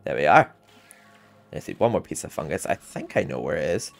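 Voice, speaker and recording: Low-voiced chatty gaming commentator man. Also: big pitch swings, a little fast, creaky. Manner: rambling, chatty, often laughing. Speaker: gaming channel host. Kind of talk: casual game walkthrough commentary. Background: game music.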